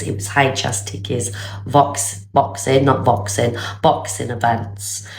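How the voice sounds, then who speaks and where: A woman hosting a casual livestream, chatty and swearing freely, with a slight cold. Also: vocal fry. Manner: chatty, swings to high squeals, swears casually. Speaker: livestream host. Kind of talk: casual live-stream chat. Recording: roomy echo.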